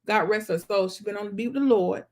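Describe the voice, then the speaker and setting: Lively woman telling family stories. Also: medium pitch, fast. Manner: lively storytelling, breaks into song. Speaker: vlog host. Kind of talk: casual chat.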